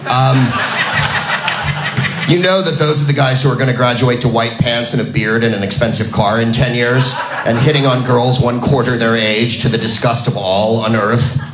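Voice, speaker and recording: A man's voice: mid-range voice, fairly even intonation, moderate pace, a crowd in the background. A man performing a rambling, wry stand-up routine. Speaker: stand-up comedian. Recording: echoey room with noise.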